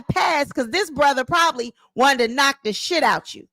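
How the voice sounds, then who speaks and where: A woman comments on a video clip in a casual, mocking way, blunt and amused. Her voice sits fairly high. The sound is dry and close. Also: expressive, moderate pace, hardly any pauses, pushed and bright, no echo.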